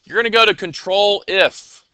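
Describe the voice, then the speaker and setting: Bright casual man teaching a class. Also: high voice, normal speed, clear, resonant tone, dry recording. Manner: casual, checks in with students often. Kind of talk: classroom coding lesson.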